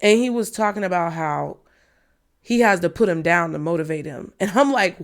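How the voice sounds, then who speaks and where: A woman's voice: lowish voice, lively intonation, moderate pace. A woman in her thirties, a tarot reader, talking frankly and bluntly to her viewers, swearing freely. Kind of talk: candid personal talk to viewers.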